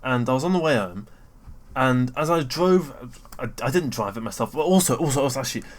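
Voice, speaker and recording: Rambling, sweary young British man. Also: a little fast. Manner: rambling and sweary, with frequent fillers and self-interruptions; excitable, often jumping up in pitch and loudness. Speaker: vlogger. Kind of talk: casual rambling rant.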